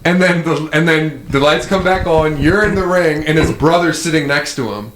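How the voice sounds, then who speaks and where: A man's voice: fairly high pitch, normal speed, a bit bright, a little hiss or hum. A man on a podcast telling a rambling, casual anecdote with fillers. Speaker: podcast co-host.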